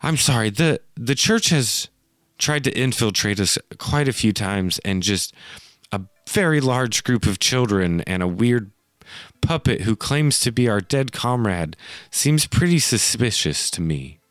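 A man's voice: mid-range voice, lively intonation, unhurried, dry recording, natural voice. A man voicing a wary, suspicious woman leader in a tabletop game.

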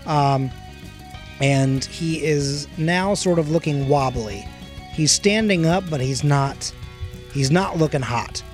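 A man's voice: a little high, slow pace, soft background music. A man narrating as game master of a tabletop game, full of hesitant ums and uhs.

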